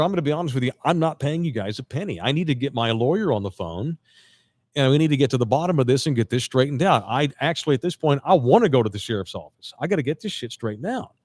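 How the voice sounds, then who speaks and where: A man's voice: medium pitch, dry recording, clean studio sound. A man hosting a podcast, telling a long story in casual chat, acting out both sides of the conversation with lots of restarts. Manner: animated storyteller quoting others, frequent restarts. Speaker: podcast host.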